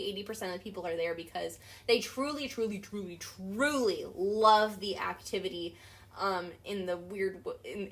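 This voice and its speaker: A young adult woman talking animatedly as an interview guest, emphatic and full of fillers. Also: mid-range voice. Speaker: guest, accessibility advocate. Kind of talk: casual interview talk.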